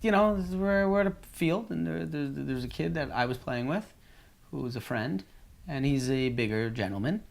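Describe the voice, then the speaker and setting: Teasing young man with a gravelly voice. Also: fairly high pitch, lively intonation, normal speed. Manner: teasing, laughs often. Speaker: podcast co-host. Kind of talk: casual chat.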